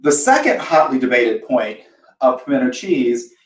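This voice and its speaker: A man's voice: mid-range voice, very animated, normal speed, roomy sound, recorded from a distance, low-quality recording. A man from the American South hosting a live cooking demo, chatty and self-deprecating, acting out imagined reactions as he talks through a recipe. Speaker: host of a live cooking show.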